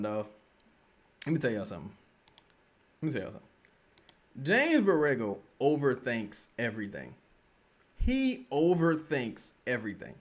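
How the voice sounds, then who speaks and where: Brief: New man, livestream host, somewhat high voice, rowdy slangy game commentary. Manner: excitable, yells at the team, slangy trash talk. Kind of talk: live game watch-along commentary.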